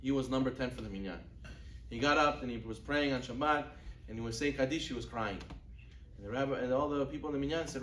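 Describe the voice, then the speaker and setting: Talking fast in a somewhat bright voice, a rabbi delivers a Torah class far from the mic in an echoey room, with slight background noise. He tells stories sermon-style and acts out dialogue, pitching up for each character. Hebrew and Yiddish religious words pepper what he says.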